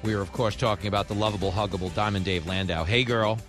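A man's voice: on the low side, steady tone, fast, a bit bright, faint music behind. A man hosting a comedic radio show, joking and bantering with callers and guests, laughing often.

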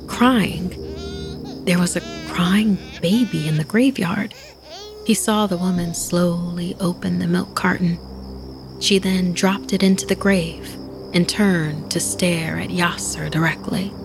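A woman reads a creepy tale as a podcast host, her voice sitting low with a gravelly, fried edge. She keeps it hushed and slips into whispers. A music bed runs underneath. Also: steady tone, slow. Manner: hushed, often dropping to a whisper. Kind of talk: scripted spooky narration.

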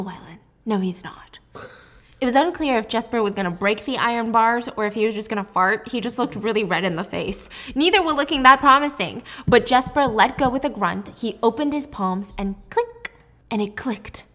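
A young woman recapping a story in a casual, jokey and animated way. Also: fairly high pitch, moderate pace. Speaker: book recap host.

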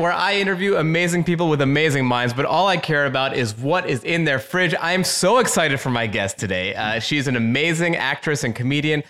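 A man's voice: a little high, a bit bright. A man hosting a casual chat podcast, upbeat and laughing often as he talks with his guest. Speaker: podcast host.

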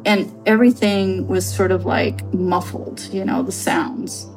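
A woman telling her own paranormal story on a podcast, halting and earnest, full of fillers as she searches for words. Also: medium pitch, steady tone, a little mellow, faint music behind. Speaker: storyteller guest.

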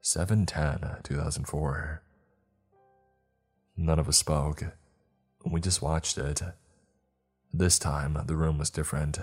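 Deep husky man narrating horror. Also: fairly even intonation, a little mellow, faint music behind. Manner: tense, measured first-person storytelling.

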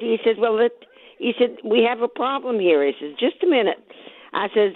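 Raspy lady phoning into the radio, tinny line, dry close sound, retelling everything she said and what he said back. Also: medium pitch, fast, no room sound. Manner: excited storyteller, acts out both sides of each exchange. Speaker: caller, lottery winner. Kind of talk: phone-in radio interview. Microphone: telephone.

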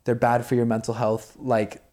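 A man's voice: mid-range voice, monotone, moderate pace, mellow. A young man co-hosting a podcast, chatting casually in a sleepy, laid-back way and rambling with many fillers. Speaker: podcast co-host. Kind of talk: casual chat.

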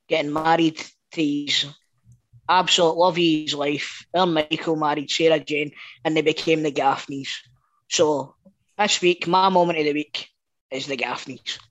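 Scottish man, podcast co-host, higher voice, brisk and sweary casual chat. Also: fairly bright tone, low-quality recording.

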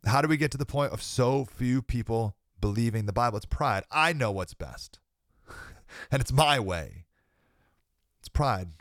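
A man's voice: medium pitch, normal speed, no echo, studio quality. A young man hosting a podcast, preaching earnestly and emphatically, laughing between points and sounding slightly sick with a cold. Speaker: podcast host. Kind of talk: preaching monologue.

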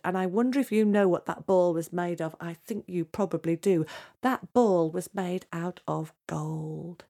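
A woman storyteller telling a fairy tale to children, lively and dramatic, dropping to hushed tones for suspense. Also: medium pitch.

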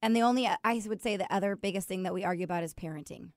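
A woman's voice: mid-range voice, very fast, darkish tone, no room sound, clean studio sound. Chatty teasing woman host. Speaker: podcast host. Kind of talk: casual chat.

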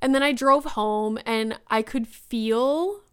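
Chatty woman podcaster, smooth voice. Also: fairly high pitch, slow pace, no echo, studio quality. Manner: chatty, many "like"s, acts out quoted lines. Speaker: podcast host. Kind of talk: casual storytelling monologue.

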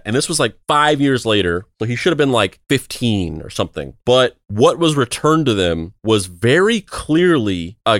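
A man's voice: mid-range voice, dry recording, studio quality. A man hosting a podcast, telling a story in casual chat, rambling with many restarts and filler words.

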